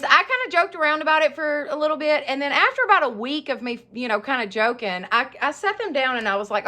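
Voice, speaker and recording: A woman's voice: high-pitched, expressive, fast talker, hardly any pauses, pushed and bright. A woman, chatting through a casual Q&A vlog, rambling and often laughing. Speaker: YouTuber of a home decor channel.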